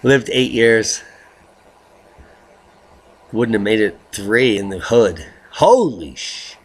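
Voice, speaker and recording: A middle-aged man hosting a video blog, rambling through weather news with jokes, rhymes and theatrical swings into high baby talk. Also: steady tone, slow pace. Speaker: video blogger host. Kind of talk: rambling weather commentary vlog.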